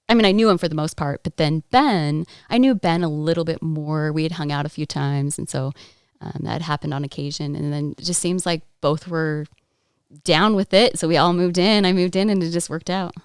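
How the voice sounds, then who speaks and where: A woman's voice: low voice, clear, resonant tone, no echo, clean studio sound. A woman interpreting for a guest in the first person, telling his stories animatedly with frequent laughter and restarts.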